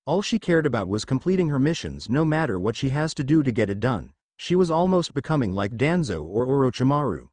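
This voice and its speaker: A man narrating a fan fiction story in a steady reading voice. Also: mid-range voice, brisk, hardly any pauses, no echo.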